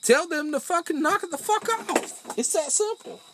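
A man's voice: extremely high pitch, normal speed, noisy background. A man in his forties hosting a casual chat, blunt and emphatic, swearing constantly. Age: 40s. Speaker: podcast host.

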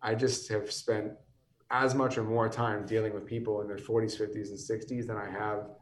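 A man's voice: lowish voice, flat delivery, normal speed, recorded from a distance. A tired man in his thirties chats on a podcast, rambling and restarting his sentences as his voice wears thin. He sits a bit back from the mic in a roomy space that gives his voice an echo. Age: 30s. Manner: chatty, rambling with many restarts and fillers. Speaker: whiskey company guest. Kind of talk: casual podcast conversation.

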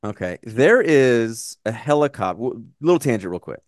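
A man's voice: mid-range voice, animated, normal speed, dry recording, studio quality. An American man in his forties, co-hosting a podcast in a casual, rambling chat full of swearing and tangents. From United States. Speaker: podcast co-host.

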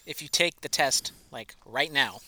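A man's voice: mid-range voice, a little slow, bright, forceful tone. A man co-hosting a casual sports podcast, talking loosely and teasing his co-host. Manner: conversational, teasing.

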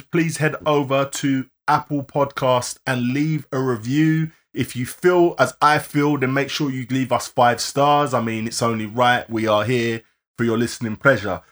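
A man co-hosting a live-streamed podcast, rattling off listener shout-outs and laughing often. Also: on the high side. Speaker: podcast co-host.

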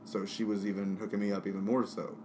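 Over background noise, a male co-host of a laid-back podcast drinks and rattles off meandering, foul-mouthed stories. He talks fast, at a fairly low pitch, with a flat delivery.

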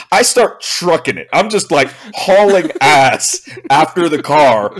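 A young man telling a long comic story in casual chat, animated and exasperated, swearing and laughing as he goes. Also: fairly high pitch.

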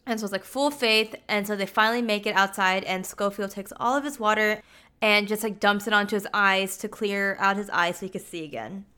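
Smooth-voiced woman recapping a film. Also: medium pitch, a little fast, sharp tone. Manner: chatty, heavy use of "like" fillers. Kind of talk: casual film plot recap.

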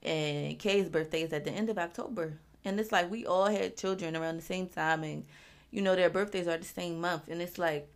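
A podcast host in her twenties reflects on family in a candid, casual monologue, swearing freely and leaning on plenty of fillers. Her lowish voice stays steady at a normal speed.

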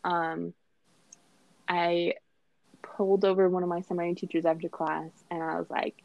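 A woman's voice: on the low side, flat delivery, moderate pace, vocal fry, no room sound. A young woman telling her own story as an interview guest, chatty and laughing often, with lots of fillers. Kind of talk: casual personal storytelling. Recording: slightly dull lo-fi sound.

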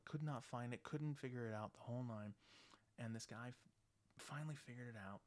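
A man telling a story casually, blunt and animated, swearing freely. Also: medium pitch, a little fast.

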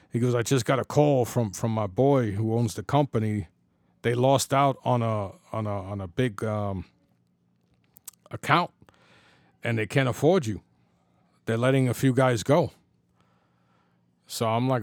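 Middle-aged man, mid-pitched, casual storyteller, slangy, acts out the quotes, dry close sound. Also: unhurried, pauses often, no room sound. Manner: loose and conversational, many "you know" fillers, slang and swearing.

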